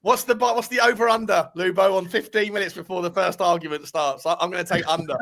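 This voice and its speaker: Bright upbeat host. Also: male voice, high voice, steady tone, fast talker, gravelly. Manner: upbeat, chatty, banter-heavy. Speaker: podcast host. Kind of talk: casual podcast chat.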